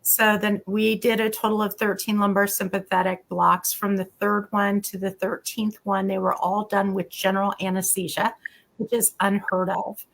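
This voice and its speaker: A woman's voice: mid-range voice, moderate pace, vocal fry. A middle-aged woman, a physician and former patient, candidly telling her own story as a guest in an interview. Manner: candid, animated storytelling with quoted dialogue.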